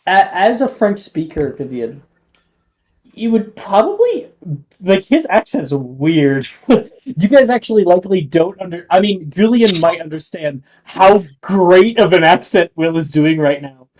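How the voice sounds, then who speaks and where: A game master narrating a tabletop role-play in an unhurried, chatty way. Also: medium pitch, very animated, a little mellow. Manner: laughs often, unhurried descriptions.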